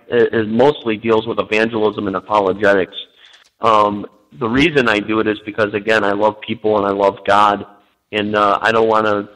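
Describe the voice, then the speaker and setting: A man's voice: fairly low pitch, sharp tone, rough recording. A man, a guest minister, chatting on a talk show over the phone, hesitant with many fillers and given to joking. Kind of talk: casual chat on a talk show.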